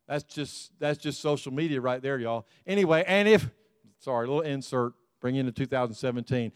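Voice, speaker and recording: A man's voice: mid-range voice, animated, a little fast, clear, resonant tone, dry recording. A male pastor, preaching a conversational sermon with chuckles and restarts.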